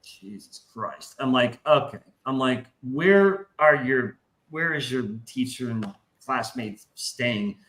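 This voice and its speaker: In casual podcast talk, a man with a mid-range voice tells a long anecdote, slow-paced, profane, and animated, acting out the voices of the people in his story. The audio quality is poor.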